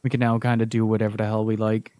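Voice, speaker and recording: A man giving relaxed, wry running commentary while playing a video game. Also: lowish voice, rapid-fire, no echo. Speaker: game streamer. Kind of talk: casual gameplay commentary.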